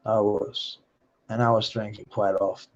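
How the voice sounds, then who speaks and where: A man's voice: fairly low pitch, level tone, normal speed, heavy background noise. A man rambling through a profane personal monologue, swearing often and laughing between thoughts. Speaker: vlogger. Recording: dull lo-fi recording.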